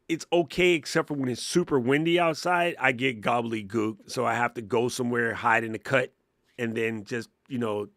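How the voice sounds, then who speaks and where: A man in his fifties hosting a casual live-stream Q&A from his home studio, animated and laughing, swearing freely. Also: medium pitch, dry recording. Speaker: host. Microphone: studio microphone.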